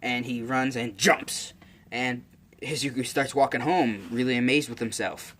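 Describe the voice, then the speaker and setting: A man's voice: mid-range voice, fairly even intonation, unhurried, a bit bright, slight background noise. Guy rambling thru a fan story, casual, lots of uh and um. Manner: rambling, many fillers and restarts. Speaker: channel host.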